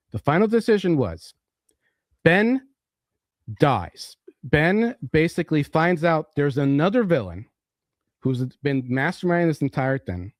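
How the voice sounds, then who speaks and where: An animated man tells a comic book story in casual chat, full of "you know" and "like". His pitch jumps as he acts out characters. The sound is close and dry. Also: no echo. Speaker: podcast host explaining comics.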